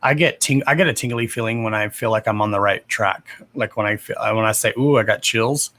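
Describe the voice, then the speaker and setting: A man's voice: lowish voice, brisk, sharp tone. A young man hosting a psychic reading livestream, chatting casually with viewers by name, swearing freely and laughing often.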